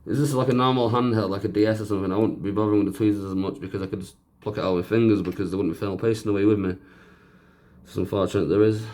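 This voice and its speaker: Low-voiced man chatting through a repair. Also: warm tone. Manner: chatty, joking, self-mocking aside-talk. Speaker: repair video host. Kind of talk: casual narrated repair tutorial.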